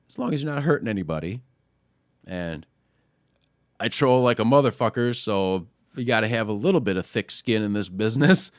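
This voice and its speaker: Man, podcast host, crude trolling rant, mid-pitched voice, dry close sound. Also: no echo. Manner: gets louder and higher when worked up. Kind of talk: casual solo rant.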